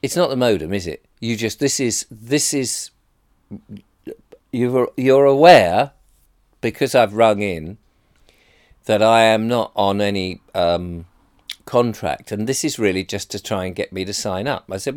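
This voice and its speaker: A man's voice: lowish voice, a little slow, darkish tone. A man, rambling and sarcastic in a casual rant to camera.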